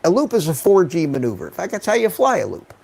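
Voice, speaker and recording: Older male host, gravelly raised voice, rambling storyteller on a video call. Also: sits high, wildly swooping pitch, quick pace, over a noisy crowd. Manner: rambling storyteller, restarts often. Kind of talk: casual chat on a live stream.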